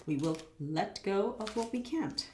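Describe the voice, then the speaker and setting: In an echoey room with background noise, a woman host gives a chatty, spiritual pick-a-card tarot reading, thinking aloud as she places the cards. Her medium-pitched voice is unhurried with lively intonation, though slightly muffled because she's losing it.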